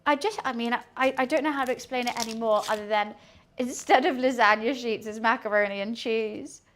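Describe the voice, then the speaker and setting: A woman's voice: fairly high pitch, fairly quick, slight background noise. A woman, streaming casual chat while she cooks at home, rambling to her viewers and her kitten. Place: home kitchen.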